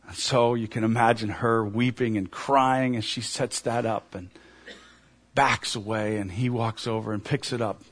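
A man preaching a sermon, earnestly retelling an imagined story and dropping to a hush at its emotional moments. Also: on the low side, fairly even intonation, moderate pace. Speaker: pastor.

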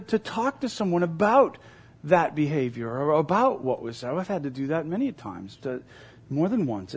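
A man's voice: high-pitched, breathy edge. A male pastor preaching a sermon in an earnest, emphatic way, repeating key phrases.

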